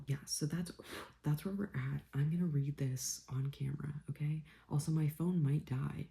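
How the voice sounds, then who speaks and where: Woman book vlogger, gravelly low-bright voice, reads out loud then gets all excited and whispery. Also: moderate pace, a little hiss or hum. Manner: excitable, often drops to a whisper. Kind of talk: casual reading vlog, reading aloud with reactions.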